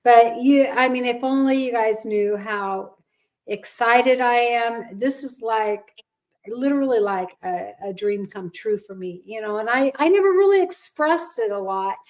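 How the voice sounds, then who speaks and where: Older woman host, slightly high voice, tearful, casual podcast chat. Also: lively intonation, a little slow, darkish tone, poor audio. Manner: tearful, fighting back tears.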